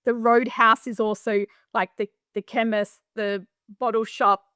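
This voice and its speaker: A woman's voice: on the high side, a little slow, smooth, dry recording, clean studio sound. Chatty Australian woman telling stories. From Western Australia. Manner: chatty and animated, many fillers and restarts. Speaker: property manager, podcast guest. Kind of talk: casual interview storytelling.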